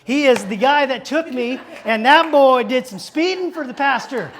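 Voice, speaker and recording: A male pastor telling a lively personal story from the pulpit, acting out the dialogue and turning to the congregation with quick asides. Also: very high voice, slight background noise. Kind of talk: storytelling sermon. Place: church stage.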